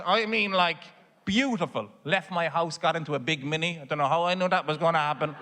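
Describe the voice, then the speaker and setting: An Irish man tells a sweary stand-up story on a large stage into a handheld mic. His voice sits a touch higher than most men's. A long hall reverb trails each line, with faint audience noise underneath. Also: a little fast, crowd noise. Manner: storytelling, swears often, builds to shouting. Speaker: stand-up comedian. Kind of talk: stand-up comedy.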